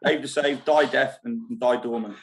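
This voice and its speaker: Man, live-stream host, casual chat, rambling, quick to laugh, mid pitch, club foyer. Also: fairly even intonation, creaky. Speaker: show host at a holiday park. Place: foyer of a holiday park club.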